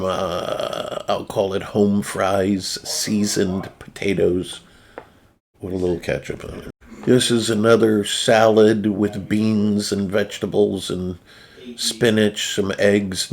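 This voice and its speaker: A man's voice: on the low side, level tone, slow, gravelly. A man with a New Jersey accent hosting a casual chat, rambling loosely through food photos with lots of fillers and restarts. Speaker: channel host.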